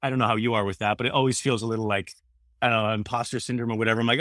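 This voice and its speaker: A man in his thirties speaks earnestly as a podcast guest. His talk rambles and he often restarts sentences. His voice is mid-pitched and sounds dry and close, with no room sound. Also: fairly even intonation, racing, fairly bright tone, no room sound. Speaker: guest, former radio host. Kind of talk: casual conversation.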